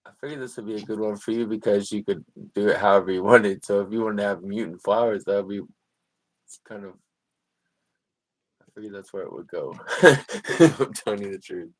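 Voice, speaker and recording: A young man with a low, easygoing voice, chatting loosely on a split-screen call while he draws. He wanders from one story to the next and laughs his way through them. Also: fairly quick, no echo, poor audio. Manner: rambling, laughs through stories. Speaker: streamer drawing with a guest. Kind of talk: casual chat. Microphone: video call.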